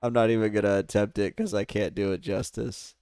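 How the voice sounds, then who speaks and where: A smooth, darkish, lowish voice with a steady tone and brisk delivery belongs to an American man livestreaming a game. He rambles casually with viewers and laughs often, in clean studio sound without any room sound.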